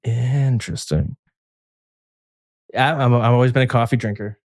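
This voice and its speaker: A man co-hosting a podcast, talking in a loose, rambling way with plenty of fillers and restarts. His voice sits at an ordinary middle pitch and comes through a close, dry microphone with no room sound around it. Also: steady tone, moderate pace, dry recording. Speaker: podcast co-host. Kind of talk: casual podcast chat.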